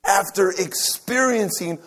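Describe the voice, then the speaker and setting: A man preaching a sermon, emphatic and repetitive, dropping to soft near-whispers on key phrases. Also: high-pitched, slow.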